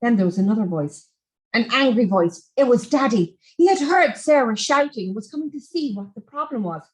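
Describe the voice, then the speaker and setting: A woman reading a children's farm story aloud in an expressive, animated storybook style. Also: fairly high pitch, fairly quick, low-quality recording.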